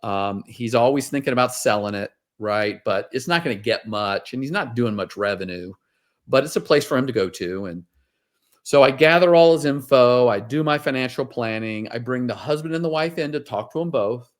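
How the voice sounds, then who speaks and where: A man's voice: medium pitch, moderate pace. A man, a financial advisor, talking casually as an interview guest and telling stories with many fillers and restarts.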